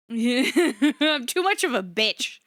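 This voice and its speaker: A woman's voice: sits high, a bit bright, no echo. A woman streaming live, chatting casually with her viewers, laughing often and swearing freely.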